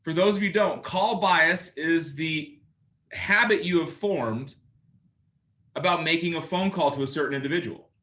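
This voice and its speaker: A male sales coach talks his class through phone habits in a bright, forceful voice. He is lively and playful, and he acts out both sides of the calls he describes. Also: a little high, normal speed.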